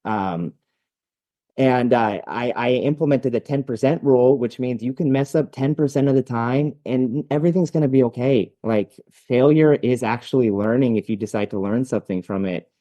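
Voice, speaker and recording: A man's voice: mid-range voice, moderate pace, mellow. A man appearing as a guest dog trainer on a podcast, talking casually and telling stories in a loose, rambling way with lots of fillers. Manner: rambling, storytelling, filler-heavy.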